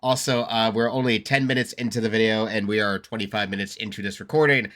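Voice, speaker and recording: A man hosting a casual reaction video, rambling excitedly, swearing freely and laughing often as he comments. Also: lowish voice, quick pace, hardly any pauses.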